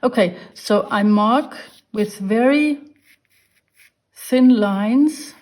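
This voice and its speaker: A woman's voice: on the high side, very slow, darkish tone. A woman giving a drawing lesson, patiently explaining each step while she draws. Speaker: art teacher.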